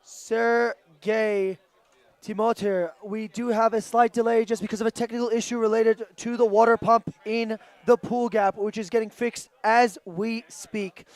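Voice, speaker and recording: A man's voice: high-pitched, little pitch movement, unhurried, dry recording. A man doing playful live-stream commentary at a sports event, teasing his co-host between announcements.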